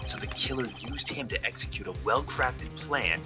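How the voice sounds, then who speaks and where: An earnest young defense lawyer, voiced by a man, laying out his case step by step in a lively, rising and falling voice. Game music plays clearly underneath. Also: medium pitch, normal speed, natural voice. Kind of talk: fan voice acting of a game.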